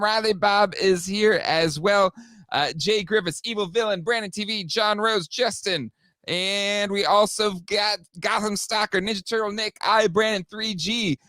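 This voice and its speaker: A man hosting a live toy talk show, upbeat and chatty, with quick fillers and laughs. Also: sits high, pushed and bright, no room sound, clean studio sound. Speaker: host.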